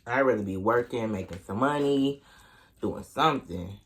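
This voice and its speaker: A young man with an Oklahoma accent tells a storytime to camera while eating. His delivery is casual, slangy and full of profanity. It jumps in pitch whenever he acts out his irritation. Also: moderate pace, fairly bright tone. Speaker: vlogger. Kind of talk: storytime mukbang.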